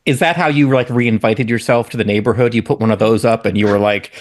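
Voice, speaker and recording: A man's voice: medium pitch, steady tone, quick pace, hardly any pauses. A man co-hosting a comedy podcast, playing the bemused straight man who feeds his partner questions. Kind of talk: improvised comedic bit.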